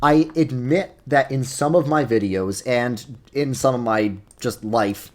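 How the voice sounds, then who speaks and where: This YouTuber is a young adult man whose New York accent colors his laid-back gameplay commentary. He speaks at a measured pace in a mid-range voice, rambling and poking fun at himself.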